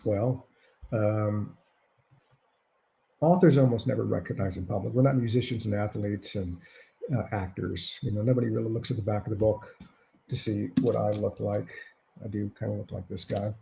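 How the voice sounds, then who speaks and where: Male author, gravelly low-key voice, wry self-deprecating storyteller, casual video-call chat from home. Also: steady tone, moderate pace, mellow, a little hiss or hum. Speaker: author answering reader questions. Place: at home during lockdown.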